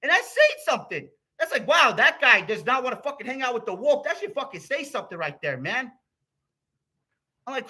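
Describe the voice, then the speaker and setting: A man's voice: extremely high pitch, big pitch swings, fairly quick, sharp tone. An American man ranting in a rambling, profane vlog, swearing constantly and getting heated. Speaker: YouTuber.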